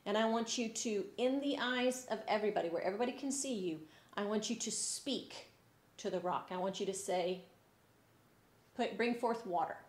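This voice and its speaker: A woman voicing a stern but patient male God who gives firm, deliberate instructions, heard in an echoey church room. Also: mid-range voice, natural voice. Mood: instructing.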